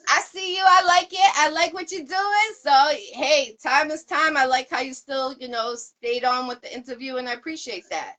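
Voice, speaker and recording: Bright high-voiced woman host with heavy accent. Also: poor audio. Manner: eager, upbeat, quick shout-outs. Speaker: interview host. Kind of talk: casual interview hosting.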